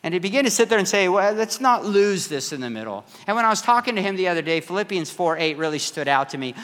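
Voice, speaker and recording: A man's voice: sits high, sing-song, fast talker, hardly any pauses, a bit bright. A man preaching a sermon in a church, telling stories in a conversational way and acting out other people's voices. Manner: conversational storytelling, acts out voices. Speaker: pastor. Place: church sanctuary. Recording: long hall reverb.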